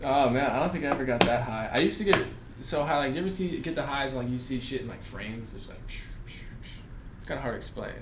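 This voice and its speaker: A man's voice: mid-range voice, animated, fast talker, reverberant, heavy background noise. A young man in casual chat, laid-back, laughing often and swearing casually. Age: young adult.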